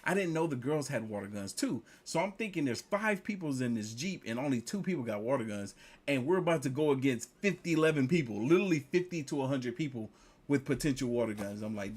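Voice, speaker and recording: A man telling a casual story, lively, jumping higher when he quotes people. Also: brisk, slightly rough. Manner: animated, jumps up in pitch when quoting others.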